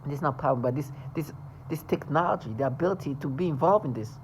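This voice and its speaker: A vlogger speaking in an emotional monologue, agitated and swearing, swinging between loud bursts and low mutters. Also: quick pace, slight background noise, poor audio.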